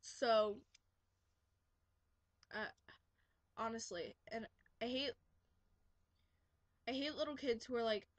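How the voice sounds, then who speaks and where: A woman's voice: on the high side, no echo. A teenage girl ranting sarcastically in a casual vlog from her bedroom, full of filler words. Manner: sarcastic ranting, quotes kids in mocking voices. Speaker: vlogger. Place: bedroom, sitting on her bed.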